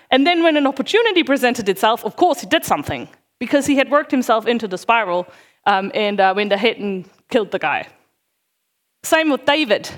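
A middle-aged woman, a parish worker, giving an informal sermon in a chatty, self-deprecating way with many fillers. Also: fairly high pitch.

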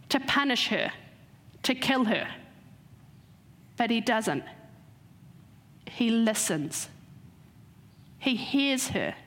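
A woman giving a sermon, retelling a story and slowing down to stress key points. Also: fairly high pitch, fairly bright tone. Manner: storytelling, slows for emphasis. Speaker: preacher.

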